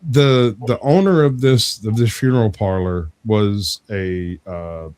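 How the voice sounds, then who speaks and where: Speaking a little slowly in a smooth, lowish voice, this young debate show guest recounts a lengthy family tale. He laughs frequently and animatedly performs the voices of those he quotes.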